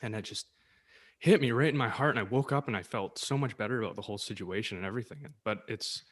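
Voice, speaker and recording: A man's voice: fairly low pitch, quick pace. A man co-hosting a podcast, talking in an earnest, rambling way full of "like"s. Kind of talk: casual podcast chat.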